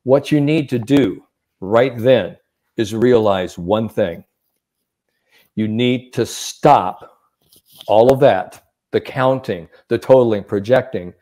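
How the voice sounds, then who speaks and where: A man with a medium-pitched voice speaks slowly, pausing often. He's a sports psychologist sharing mental coaching advice in a podcast conversation, telling stories with animation and acting out the people he quotes.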